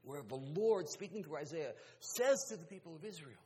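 A male pastor preaching a sermon, swinging from quiet, intimate talk to loud, fervent exhortation. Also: on the high side, lively intonation, fairly quick, few pauses, long reverb tail, slight background noise.

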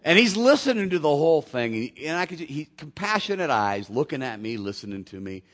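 A man's voice: a little high, sing-song, fairly quick, fairly bright tone. A male pastor preaching a sermon, his voice rising and falling in wide swings as he tells a story from his own week. He slips into the voices of the people he quotes, keeping the congregation along with him. The delivery is casual and conversational, with a middle-aged tone.

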